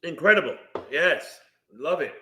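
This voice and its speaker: A high-voiced man calling the action in an excitable watch-party stream, his bright, forceful tone bouncing around a roomy, echoey space. He breaks into loud reactions and greets chat viewers between moves. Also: measured pace, slight background noise. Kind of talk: live wrestling watch-along commentary. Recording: roomy echo.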